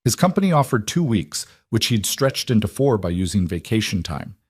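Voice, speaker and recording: A man reading a drama story aloud in a steady, even narration. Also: on the low side, moderate pace, breathy edge, no echo, studio quality.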